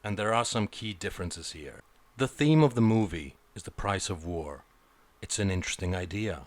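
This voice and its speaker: A man with a low, deep voice delivers a blunt, sarcastic film review and swears freely. The sound is close and dry, with no room around it. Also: no room sound. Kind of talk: opinionated film review monologue.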